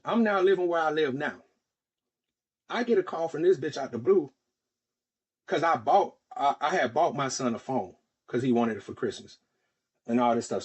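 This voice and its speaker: A man's voice: a little high, breathy edge. A man from Florida telling a heated personal story in casual podcast talk, cursing freely and acting out the other people's lines. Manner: profane, heated, acts out quoted dialogue. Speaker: podcast host.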